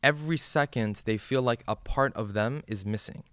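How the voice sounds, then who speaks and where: A religious teacher with a medium-pitched, fairly bright voice speaks at a normal pace, explaining the meaning of a supplication line by line in plain words. He frequently checks in with "right?". The recording is dry and clean, with studio sound.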